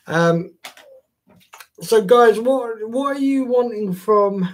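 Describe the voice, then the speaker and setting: A male live streamer talking loosely to his viewers. He jokes around and swears casually. His voice sits a touch high, and he takes his time. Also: animated, slow pace. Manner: chatty and jokey, swears casually.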